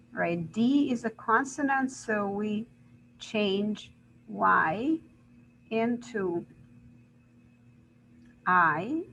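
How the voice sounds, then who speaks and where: Slow-paced woman English teacher, patient and deliberate, faint noise behind. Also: mid-range voice, a bit bright, low-quality recording. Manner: slow, deliberate, repeats examples and checks with "right?". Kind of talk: grammar lesson explanation.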